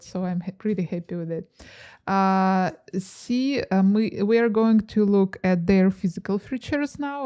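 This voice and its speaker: A woman giving a pick-a-card tarot reading to camera, gentle and musing, with frequent fillers and soft laughs. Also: lowish voice, clear, resonant tone. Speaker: tarot reader.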